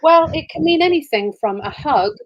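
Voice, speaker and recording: A middle-aged woman who grew up in Wales, chatting warmly on a livestream as she signs prints for fans, with plenty of ums and soft asides. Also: sits high, expressive, moderate pace, dry recording, lo-fi sound. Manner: warm, gushing, with many ums and soft trailing asides. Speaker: voice actress signing prints for fans. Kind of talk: casual livestream chat.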